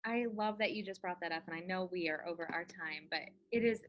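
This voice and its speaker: A woman's voice: lowish voice, a little fast, highs cut off. A middle-aged woman co-hosting a casual podcast chat, talkative, laughing often and acting out quotes. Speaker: podcast co-host.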